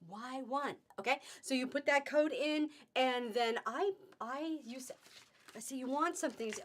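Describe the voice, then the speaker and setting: A chatty, upbeat woman with a slightly high voice hosts a live online sale. She talks casually to her viewers and greets them by name as she goes. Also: normal speed. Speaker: host of a live fabric sale. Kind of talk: casual live-stream chat.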